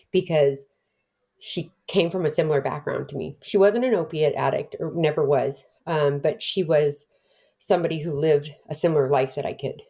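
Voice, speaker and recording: Low-voiced woman telling her story. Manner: animated, acts out quoted voices, many fillers and restarts. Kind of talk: personal storytelling, casual and candid.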